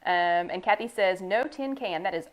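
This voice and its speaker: A woman's voice: fairly low pitch, normal speed. An older woman hosting a live online chat from home on a new desk microphone, chatty and reading viewers' comments aloud as she greets them by name. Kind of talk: casual live-stream chat.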